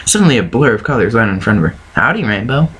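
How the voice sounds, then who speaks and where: A man's voice: on the low side, expressive, very fast, a bit bright, husky, low-quality recording. A man reading fan fiction aloud, often stumbling over words and correcting himself. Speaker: reader.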